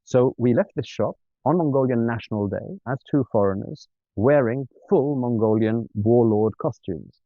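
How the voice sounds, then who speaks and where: A man, an interview guest, telling a funny travel story in a lively, self-mocking way and acting out the dialogue. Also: mid-range voice, moderate pace, no room sound. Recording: dry, tinny phone-like sound.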